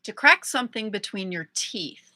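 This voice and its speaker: A woman's voice: medium pitch, animated, normal speed, bright, forceful tone. A woman co-hosting a comedy podcast, reading out definitions in a dry, matter-of-fact way. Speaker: podcast co-host. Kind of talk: casual chat, reading definitions.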